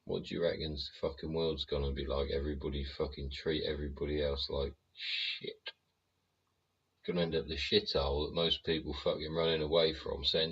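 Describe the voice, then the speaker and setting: A man's voice: extremely low pitch, flat delivery, a little fast, creaky, fairly bright tone, breathy edge, muffled recording. A British man hosting a show, ranting profanely in a rambling way and talking back to his chat. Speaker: show host. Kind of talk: ranting livestream commentary.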